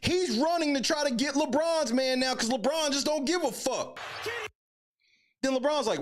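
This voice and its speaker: Animated mocking man, loud reactions. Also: very high-pitched, normal speed, a little hiss or hum. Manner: mocking, animated, swears heavily. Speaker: online show host reacting to clips. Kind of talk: profane casual reaction commentary. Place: home studio under lights.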